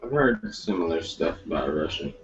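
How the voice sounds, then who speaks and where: Man, lowish voice, dry laid-back remarks, dull lo-fi mic with faint hiss. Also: expressive, normal speed. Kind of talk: casual chat.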